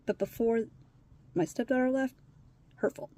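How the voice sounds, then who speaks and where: A deeply upset woman speaking bluntly as she tells a personal story to her camera, swearing freely and often sinking to a whisper. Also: normal speed, dark tone. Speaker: vlogger sharing her life with trauma.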